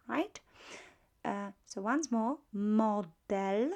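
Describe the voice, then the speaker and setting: A woman with a Polish accent teaching a beginner language lesson, repeating words slowly and checking in with questions. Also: medium pitch, vocal fry. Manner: slow drilled repetition of target words; frequent fillers and checking questions.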